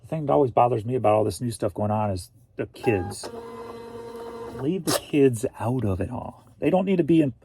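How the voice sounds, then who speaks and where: A man's voice: mid-range voice, animated, normal speed, creaky, dark tone, slight background noise. A man from St. Louis, Missouri, a reseller vlogger chatting casually in a rambling, jokey way. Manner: rambling and jokey, laughs often. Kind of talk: casual chat.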